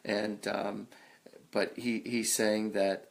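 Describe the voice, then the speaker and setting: A man hosting a live psychic reading, talking in a halting, reassuring way with lots of ums and uhs. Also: medium pitch. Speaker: psychic medium host. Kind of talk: live online reading session.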